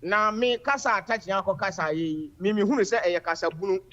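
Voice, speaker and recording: A man's voice: high-pitched, fairly quick, a bit bright, lo-fi sound. A man calling in to a radio show, earnestly giving political views and addressing the host. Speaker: caller. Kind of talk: political call-in commentary.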